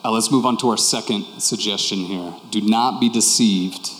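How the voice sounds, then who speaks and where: Male preacher, low voice, candid conversational sermon delivery, long reverb of a large hall. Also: moderate pace. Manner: conversational and candid, repeating key phrases. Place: church hall with congregation.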